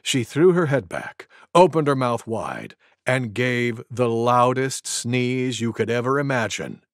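A man reading a storybook aloud to young children, expressive and gentle. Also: medium pitch, measured pace, no echo, studio quality. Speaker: storybook reader.

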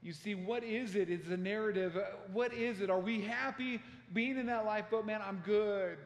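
Male pastor, sermon, impassioned storytelling, fairly high voice, echoey church hall with long reverb. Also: normal speed. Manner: impassioned storytelling, acts out quoted shouts. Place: church sanctuary.

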